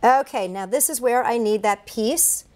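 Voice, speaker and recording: With a fairly high, slightly mellow voice at a measured pace, a children's party entertainer shows how to make a duct tape craft. She chats as she works, narrating every step aloud in an upbeat, encouraging way.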